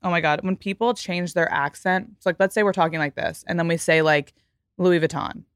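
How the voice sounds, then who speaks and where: A young woman hosting a casual podcast chat, blunt and animated, acting out little quoted voices. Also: on the low side, a little fast, clear, resonant tone, no room sound, studio quality. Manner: animated, mimics others in quoted asides. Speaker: podcast host.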